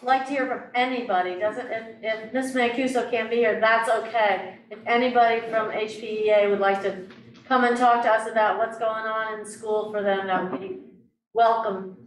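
A woman with a slightly high voice speaks in a kind, encouraging way, often restarting her sentences. She sits back from the mic, and the room adds a clear echo. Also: fairly even intonation, normal speed. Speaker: board member. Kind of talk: addressing a student at a board meeting. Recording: echoey room, voice from far off.

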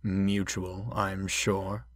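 A man voicing a polite, formal male steam engine, speaking in a measured, courteous way. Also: lowish voice, animated, no room sound.

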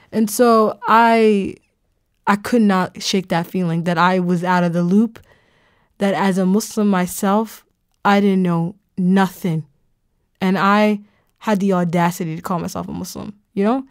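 A woman's voice: medium pitch, fairly even intonation, normal speed, no room sound, studio quality. A young woman hosting a podcast, telling a personal story in a casual, reflective way, full of "you know" and "like". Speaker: podcast host.

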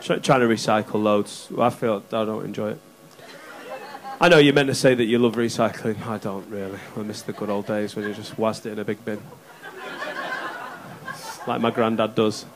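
A man doing an animated, sweary stand-up set, jumping into squeaky voices for bits. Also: normal speed, pauses often. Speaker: stand-up comedian. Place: comedy club stage. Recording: live club mic with crowd noise. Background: audience laughter.

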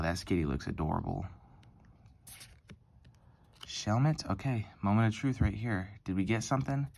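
A young man with a low, deep voice talks casually as he opens card packs at a table. He rambles a little, filling pauses with ums and correcting himself as he goes. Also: creaky. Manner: chatty, rambling, lots of ums and self-corrections. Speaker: card-opening channel host. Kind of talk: casual pack-opening commentary.

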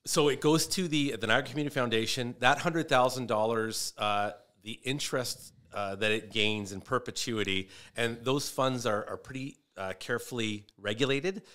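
Rambling, bright-voiced comedian man. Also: mid-range voice, moderate pace, few pauses. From Canada. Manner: rambling, storytelling with restarts. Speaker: comedian guest. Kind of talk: casual podcast chat.

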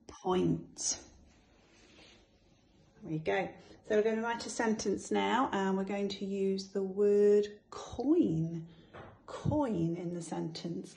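A woman teaching young children phonics, slowly sounding out each letter sound. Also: medium pitch, gravelly, darkish tone. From England. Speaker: infant school teacher.

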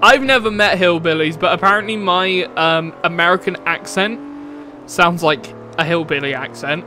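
A man's voice: sits high, moderate pace, pushed and bright, a little hiss or hum. A British man streaming a racing game, ranting bluntly and opinionated, swearing now and then. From United Kingdom. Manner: opinionated, blunt, swears, laughs at own jokes. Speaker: gaming streamer. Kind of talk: casual rant while playing.

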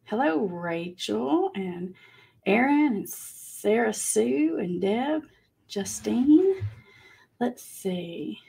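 Gravelly Southern woman chatting live. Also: fairly high pitch, expressive, extremely slow, warm tone. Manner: chatty, laughs often, reads out viewer comments. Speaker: livestream host. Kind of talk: casual live chat.

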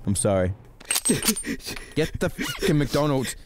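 A man gaming with friends, bossing someone around in shouts and laughing often. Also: medium pitch, wildly swooping pitch, moderate pace, background noise. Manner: bossy shouting, frequent laughter. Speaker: gamer. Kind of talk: casual gaming banter. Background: background music.

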